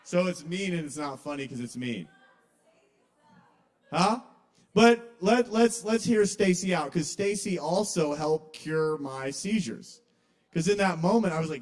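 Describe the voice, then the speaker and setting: A young man with a drawl tells stories at an open mic in a kava bar. His voice sits a little high, and his delivery is confessional and rambling, with sudden loud outbursts in his acted quotes. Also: expressive, measured pace. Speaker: stand-up comedian at an open mic. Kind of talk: casual stand-up comedy.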